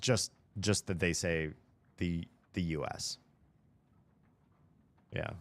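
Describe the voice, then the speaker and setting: Deep-voiced american guy streaming a game, neutral accent, rambles on to chat with lots of restarts. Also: takes it slowly, pauses often, a bit bright. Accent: neutral General American. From United States. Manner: chatty, rambling, thinks aloud with restarts. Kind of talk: casual livestream chat while gaming.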